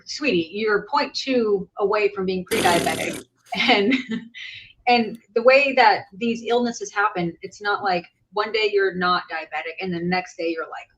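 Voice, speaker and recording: A woman's voice: mid-range voice, measured pace, fairly bright tone, a little hiss or hum. A woman hosting a casual reaction chat, making blunt, matter-of-fact comments. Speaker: host. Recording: slightly dull lo-fi audio.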